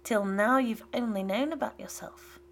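A woman voicing a bitter, domineering old father who mocks and rants in loud outbursts. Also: fairly high pitch, moderate pace, creaky. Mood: condemning. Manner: mocking and ranting, loud outbursts.

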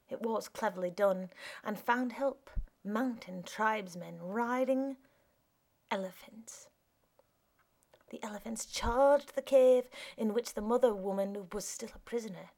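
A woman narrating a first-person story in a measured, often soft reading voice. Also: medium pitch.

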